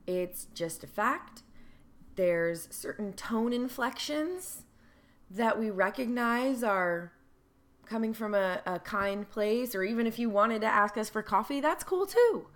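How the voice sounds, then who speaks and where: Slow, earnest young woman vlogger. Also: a little high, expressive. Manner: earnest, mixes emphatic bursts with slow careful phrasing, occasional swearing. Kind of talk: casual explainer to camera.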